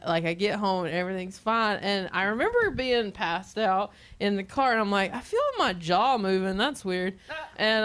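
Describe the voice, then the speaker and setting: A woman telling a funny personal story, animated and often breaking into laughter. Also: medium pitch. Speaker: comedian. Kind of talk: comedic storytelling.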